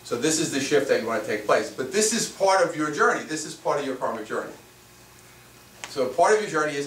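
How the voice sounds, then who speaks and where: His voice a little high, brisk, animated and fairly bright, a man teaches a spiritual workshop to a small live audience. Repetition and rhetorical questions mark his style, and the recording is echoey, distant-miked, with faint noise.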